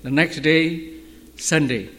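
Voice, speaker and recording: A man preaching as a pastor, telling stories in an animated way and shouting at the high points. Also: takes it slowly. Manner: animated storytelling, shouting at peaks. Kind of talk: sermon storytelling. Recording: long hall reverb.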